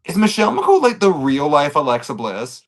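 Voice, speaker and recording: A man co-hosting a podcast, sassy and playful in casual chat. His voice is animated, with wide swings in pitch. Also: fairly quick. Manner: sassy, playful, breaks into sound effects. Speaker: podcast co-host.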